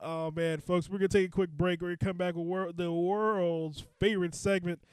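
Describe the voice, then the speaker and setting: A young man hosts a comedy podcast from a basement studio, joking loosely and laughing often. His voice sits on the high side for a man, and it is recorded dry and close. He keeps the banter quick and casual. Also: fairly even intonation, a little mellow, clean tone, dry recording. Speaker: podcast host and DJ.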